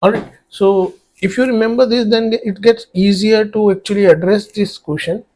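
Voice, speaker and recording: A man's voice: sits high, fairly even intonation, moderate pace, a little mellow. A man teaching a French grammar lesson for exam prep, explaining step by step as he writes on a board and spelling words out letter by letter. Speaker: French tutor.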